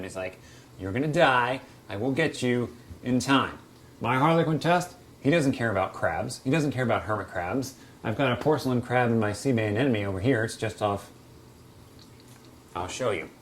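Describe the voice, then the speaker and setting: A man hosting a casual aquarium Q&A from beside his reef tank, chatty and quick to act out little quoted voices. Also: medium pitch, fairly bright tone, slight background noise. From United States. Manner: chatty, acts out quotes of fish and hobbyists. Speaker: aquarium hobby show host. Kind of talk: casual Q&A explainer.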